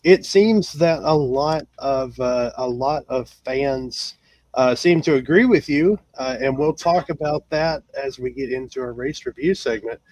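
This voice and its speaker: A man's voice: mid-range voice, a little slow, darkish tone, no room sound. Filler-heavy male podcast host, dry sound. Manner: hesitant, many fillers and restarts. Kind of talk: casual live show hosting.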